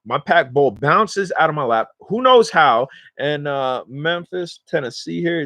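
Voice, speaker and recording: His pitch fairly high and his tone pushed and bright, this New York or New Jersey-accented man speaks a little slowly and animatedly, with few pauses. He's a smoking vlogger and livestream host chatting loosely with viewers from his home recliner, using slang and drifting off topic, and there's no room sound.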